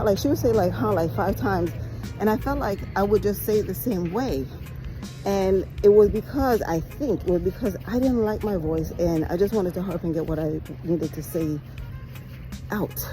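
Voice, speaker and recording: Fast-talking Jamaican-born woman vlogger. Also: on the low side, low-quality recording. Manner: talks fast, chatty and laughing. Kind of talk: casual walking vlog. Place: outdoors on a beach at sunrise.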